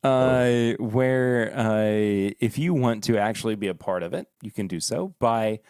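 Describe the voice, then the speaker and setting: Slow-talking, rambling male podcast host. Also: on the low side, a little mellow, clean tone, no echo, clean studio sound. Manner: rambling, joking, halting with fillers. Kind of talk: casual chat.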